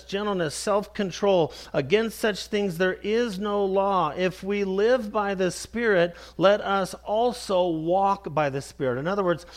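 A male pastor preaching a Sunday sermon, slow and emphatic, repeating key phrases and addressing the congregation as beloved. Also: high-pitched.

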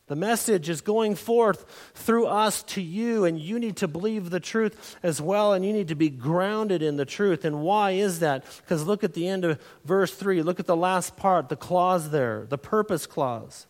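A high-voiced man preaching with emphatic, drawn-out stresses on key words. His sermon rings through a hall with a long reverb tail. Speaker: pastor.

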